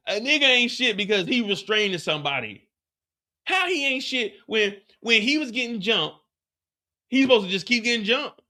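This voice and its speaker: A man hosts a live TV after show and recaps an episode with animated, profane energy. His voice sits high and bright. He stammers through restarts as he pushes his points. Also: moderate pace.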